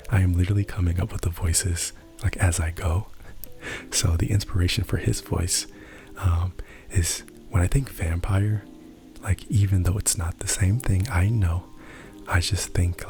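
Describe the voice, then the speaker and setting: A man doing whispered role-play as an ASMR creator, soft-spoken, rambling and self-deprecating. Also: low voice, gravelly.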